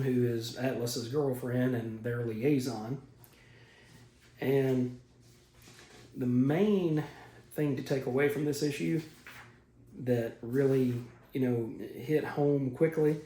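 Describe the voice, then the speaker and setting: A man hosts his own comics video channel and walks through an issue in a casual, chatty way, dropping in plenty of fillers. His voice is warm and mellow. The sound is roomy, with noticeable echo. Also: mid-range voice. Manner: conversational, frequent "you know" fillers. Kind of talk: casual comic book recap. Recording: echoey room.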